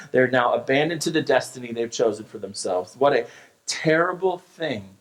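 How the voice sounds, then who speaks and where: A man's voice: mid-range voice, moderate pace, low-quality recording. An American man, a pastor, preaching a sermon in an earnest, emphatic way, often restarting his phrases. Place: church sanctuary.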